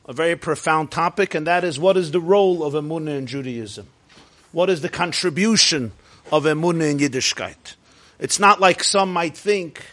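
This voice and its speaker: A man's voice: high-pitched, a bit bright. A man teaching a class on Jewish faith, emphatic and building phrase on phrase.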